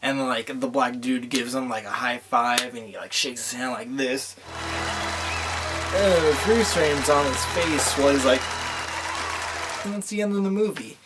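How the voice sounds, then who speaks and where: A man's voice: mid-range voice, moderate pace, over loud music. A young man who has been drinking rambles through a movie plot in a loose, crude vlog. He swears freely and keeps correcting himself as he meanders through the story. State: tipsy from drinking. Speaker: vlogger. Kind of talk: profane casual movie recap.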